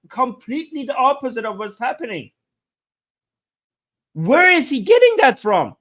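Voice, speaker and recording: A man's voice: very high-pitched, huge pitch swings, a bit bright. A man doing live-stream reaction commentary on video clips, incredulous and exasperated, with many restarts. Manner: talks fast with many restarts.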